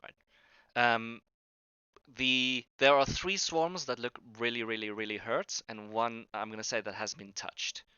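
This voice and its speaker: A man runs a tabletop game on a voice call, his voice bright and forward. He stumbles through ums and restarts as he works out the rules. The audio is dry and a little dull. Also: medium pitch, fairly even intonation, measured pace, clear, resonant tone, dry recording. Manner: hesitant, lots of ums and restarts. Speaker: game master. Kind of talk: running a tabletop game over voice chat.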